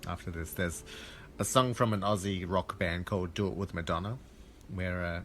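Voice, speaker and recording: A man co-hosting a podcast, chatting casually and giving quick, relaxed replies. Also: deep voice, a little hiss or hum. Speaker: podcast co-host. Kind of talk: casual chat.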